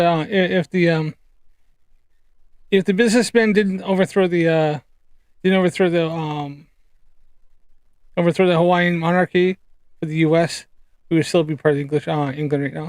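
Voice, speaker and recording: A man's voice: fairly high pitch, moderate pace, long pauses, no room sound. Rambling man, dry close sound. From United Kingdom. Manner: rambling, many ums and uhs. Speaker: streamer reacting to clips. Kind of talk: casual live-stream chat.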